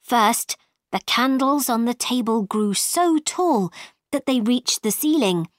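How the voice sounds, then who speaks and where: A woman reading a storybook aloud in a clear, expressive manner. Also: fairly high pitch, slow pace, no echo, clean studio sound.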